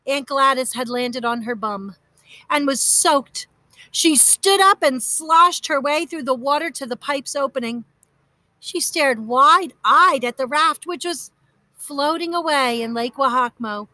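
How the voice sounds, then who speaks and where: Bright, lively woman storyteller. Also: high-pitched, a little slow, no echo. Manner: lively, expressive. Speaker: narrator. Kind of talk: storybook narration.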